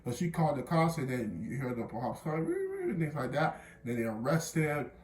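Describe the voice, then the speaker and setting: A man's voice: medium pitch, normal speed. A young man casually telling a personal story in a vlog, rambling and repeating himself as he goes. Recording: roomy room with faint music.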